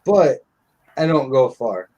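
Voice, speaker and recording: A man's voice: medium pitch, very animated, slow, warm tone, dull audio. A middle-aged man telling stories in casual live-stream chat, blunt and profane.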